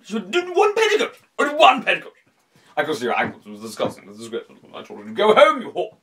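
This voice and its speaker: A man voicing a shrill, prudish, old-fashioned Brit who is outraged and talks fast and loud. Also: huge pitch swings, distant mic, heavily acted. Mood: scandalized. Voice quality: shrill, falsetto-like.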